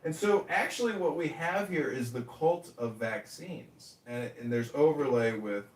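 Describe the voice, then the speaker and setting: A man hosts a rambling live chat, crude and mocking in his talk. His mid-pitched voice sounds roomy and a bit distant from the mic, with faint noise behind it. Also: animated, measured pace. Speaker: host, mayoral candidate.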